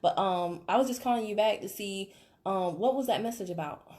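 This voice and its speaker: A woman's voice: mid-range voice, fairly quick, darkish tone, lightly acted. A woman playing a busy working mom customer who hesitates and rambles through a sales call role-play. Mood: distracted.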